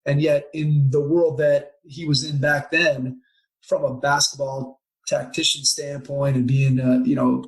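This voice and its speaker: A male podcast host talks through a long, rambling, reflective question. His pitch stays flat and even, at a middling level. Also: measured pace, poor audio. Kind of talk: casual interview talk.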